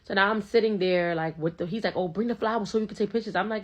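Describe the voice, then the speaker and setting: A woman's voice: medium pitch, fast. A young woman casually telling a first-date story, full of fillers and quoted back-and-forth. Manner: chatty, filler-heavy retelling with quoted dialogue.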